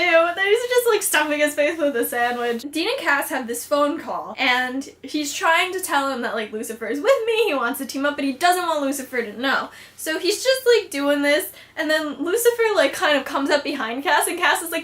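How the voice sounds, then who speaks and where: A woman's voice: high voice, lively intonation, normal speed, fairly bright tone. A young woman recapping a TV episode in a casual, chatty vlog, full of fillers and acted-out quotes. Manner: bubbly, chatty, frequent "like" fillers, acts out quotes. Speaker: vlogger.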